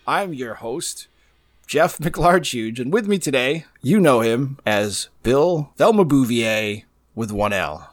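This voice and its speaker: A man hosting a comedy podcast, his voice sitting at a middling pitch for a man. He jokes and playfully exaggerates in loose, casual chat. The recording is dry, with almost no room sound. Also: animated, slow, no echo. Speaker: podcast host.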